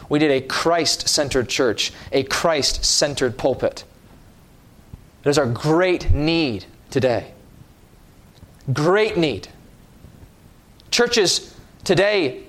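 A man preaching a sermon with slow, emphatic delivery, stressing key words and dropping his voice at line ends. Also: on the high side.

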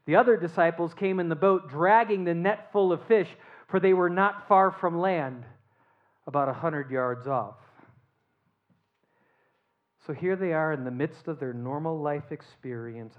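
Animated preacher on a dull lo-fi recording. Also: medium pitch, slow. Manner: animated storytelling with rhetorical questions, dropping to a hushed tone. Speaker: pastor. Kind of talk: sermon.

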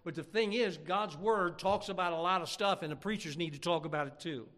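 A man pastor preaches in a high, bright voice, pressing each point with fervent emphasis. His words carry through a church sanctuary with a long reverb trailing after them. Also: a little fast. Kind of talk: sermon.

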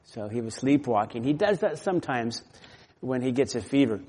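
A man's voice: mid-range voice, lively intonation, moderate pace, darkish tone, husky. A man preaching a sermon with earnest, conversational delivery and personal stories. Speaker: pastor. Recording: long hall reverb.

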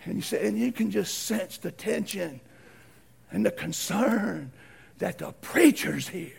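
A middle-aged man preaching a folksy storytelling sermon, animated and acting out the voices in his stories. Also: sits high, measured pace, gravelly, slightly rough.

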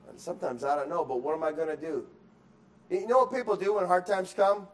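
Male pastor, high voice, sermon delivery: quiet reflection building to loud urging, restarts words as he preaches. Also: steady tone, fairly quick. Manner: swings from quiet musing to loud emphatic exhortation; acts out excuses in quoted voices.

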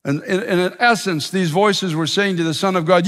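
A pastor preaching to his congregation, a man whose slightly high voice rises into emphatic, repeated declarations. The sound carries a long reverb, as in a large church hall. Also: fairly even intonation, moderate pace, a bit bright, soft background music. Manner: preaching with rising intensity and emphatic repetition. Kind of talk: sermon.

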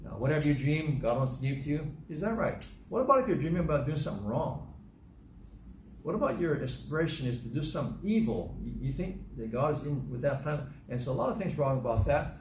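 A man's voice: medium pitch, expressive, darkish tone. Emphatic male preacher in an echoey room. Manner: emphatic, repeats phrases, reads scripture slowly. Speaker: pastor. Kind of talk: sermon. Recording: echoey room with faint noise.

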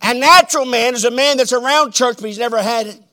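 A man preaching a sermon, swinging between loud emphatic declarations and hushed, drawn-out phrases. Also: very high-pitched.

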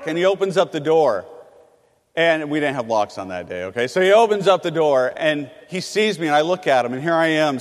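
A man from California preaching a sermon, swinging between loud emphatic bursts and hushed, low phrases. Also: in a large hall. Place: large hall on a college campus.

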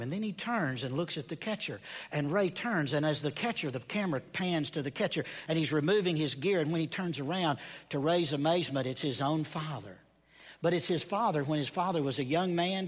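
A man preaching a sermon, retelling a story slowly and dramatically and dropping to a hush at key moments. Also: on the high side, in a large hall.

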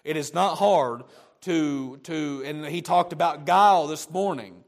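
A man's voice: fairly high pitch, unhurried. A man preaching a sermon, emphatic and repetitive, often restarting his phrases.

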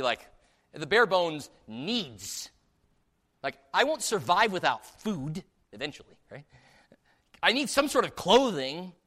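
A man's voice: fairly high pitch, a bit bright. A man preaching a sermon in a church service, putting many questions to the listeners. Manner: asks the congregation many rhetorical questions.

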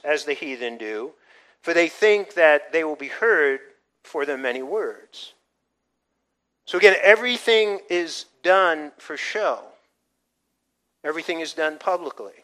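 A man's voice: on the high side, pushed and bright, poor audio. An older man, a pastor, preaching a conversational sermon with frequent restarts and asides. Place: church.

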